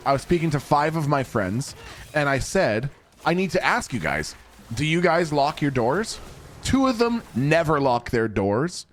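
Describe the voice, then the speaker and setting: A man streaming from home, telling a long rambling story to his chat in a casual way. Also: medium pitch.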